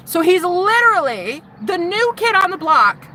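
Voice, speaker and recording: A woman's voice: very high voice, very animated, unhurried, pushed and bright, a little hiss or hum. A woman vlogger telling a story, sassy and profane, acting out the voices of other people. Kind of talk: animated storytelling monologue.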